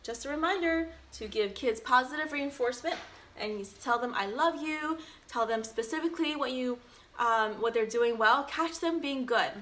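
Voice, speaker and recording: A woman's voice: high-pitched, moderate pace, a bit bright. A woman in her thirties, a doctor and mother, chatting casually about parenting while reading a picture book to her baby, with a chatty, sing-song baby-talk manner. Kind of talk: casual read-aloud with parenting tips.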